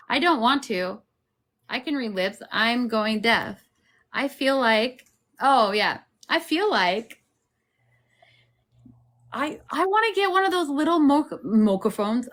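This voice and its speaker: A woman hosting a casual group livestream, talking loudly and joking, her phone set far back. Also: fairly high pitch. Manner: loud-talking, jokey. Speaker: livestream host.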